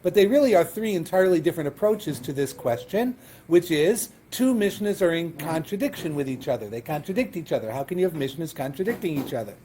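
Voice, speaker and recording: A man's voice: fairly high pitch, animated, fast talker, mellow, slight background noise. A man, a rabbi, lecturing a Talmud class, explaining texts step by step, reading Hebrew and Aramaic terms and checking in with "right?".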